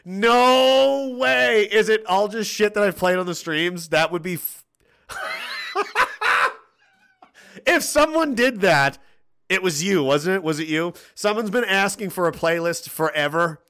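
A man hosts a casual livestream and reads viewer messages at a desk microphone. His pitch jumps around a lot, and his tone is bright and sharp. He swears freely and breaks into laughter often. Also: moderate pace. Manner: profane, animated, laughs often, reads chat aloud.

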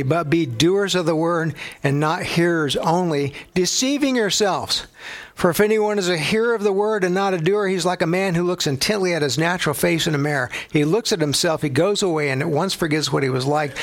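A male pastor preaching a conversational sermon, animated and acting out little dialogues. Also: a little high, creaky. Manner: animated and conversational, acts out quotes.

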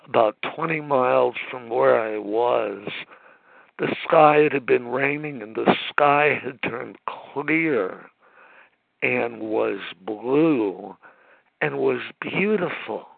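A man shares his recovery story at a phone meeting, nervous and emotional, stopping and restarting often. He talks slowly, and his voice is heavy with gravel and creak. The line is thin and phone-like, with a dry, close sound. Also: medium pitch, dry recording. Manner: halting, emotional, many restarts and pauses.

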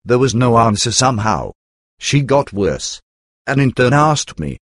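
A man's voice: medium pitch, big pitch swings, measured pace, dry recording, studio quality. A man narrating his own life story in the first person, earnest and emotional, with sighing asides.

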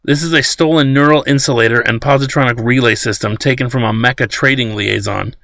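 A man voicing a stern government agent captain with a gruff, monotone, almost robotic delivery. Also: mid-range voice, a little fast, dry recording, clean studio sound. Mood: accusing. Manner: cold, robotic.

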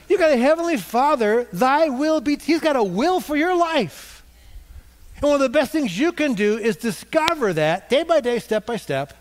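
A middle-aged male pastor preaching a conversational sermon, getting the congregation to respond. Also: sits high.

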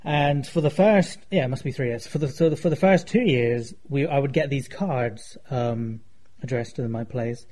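A man's voice: mid-range voice, normal speed, mellow. A man co-hosting a casual comedic podcast, rambling through stories with dry jokes. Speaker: podcast co-host.

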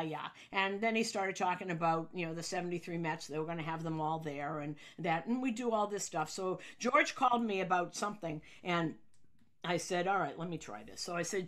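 A woman, a sports broadcaster telling an anecdote in an interview, acting out quotes with sudden loud high bursts. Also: brisk.

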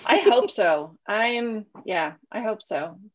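A woman's voice: mid-range voice, big pitch swings, slow, poor audio. A woman hosting a podcast, chatting casually and laughing often with her guest. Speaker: podcast host.

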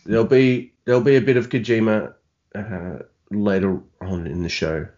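A man's voice: on the low side, steady tone, moderate pace, darkish tone, muffled recording. A man hosting a podcast in casual chat, laid-back and teasing. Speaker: podcast host.

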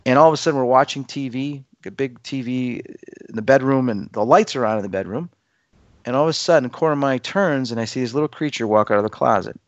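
A man in his fifties tells a story as a guest, lively and animated, slipping into the voices of the people in it. His pitch sits mid-range. The sound is dull and lo-fi, with no room echo at all. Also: fast talker. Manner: animated, acts out dialogue with his voice. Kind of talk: casual storytelling in conversation.

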